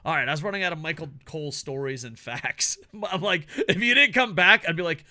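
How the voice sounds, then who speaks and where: Jokey podcast guy chatting, laughs a lot, kinda high bright voice. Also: quick pace, few pauses. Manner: animated, laughs often, jokey impressions. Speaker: podcast co-host. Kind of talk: casual wrestling podcast chat.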